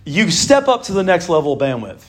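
Guy preaching, pretty high voice, chatty and jokey, talks to the crowd like friends. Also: a little fast. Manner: animated, jokey, conversational with laughs and asides. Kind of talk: casual sermon.

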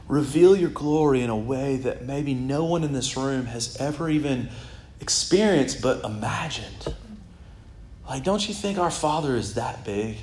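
A middle-aged man preaching a sermon as pastor, in a casual, animated way with laughs and sudden shouts. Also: mid-range voice, a little slow, reverberant, slight background noise. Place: church sanctuary.

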